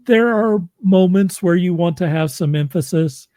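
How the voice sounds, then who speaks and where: A podcast host and audiobook narrator from Oklahoma, USA, chats casually in an interview and laughs easily. His voice is high and dark-toned at a moderate pace, recorded with no echo.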